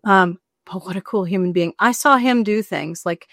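A woman's voice: mid-range voice, normal speed, no echo, studio quality. A woman author being interviewed, telling a personal story in casual chat and acting out the people she quotes. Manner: animated, acts out quoted voices, rambling.

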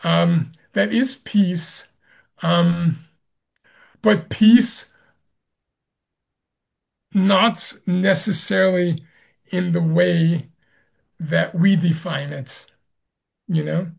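A man, a Zen master, answering an interview question with slow, gentle storytelling and soft laughs. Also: high voice, steady tone, creaky.

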